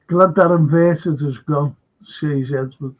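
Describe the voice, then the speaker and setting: An older man hosting a casual chat, talking haltingly with many fillers and restarts. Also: a little high, steady tone. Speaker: host. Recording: dull lo-fi sound.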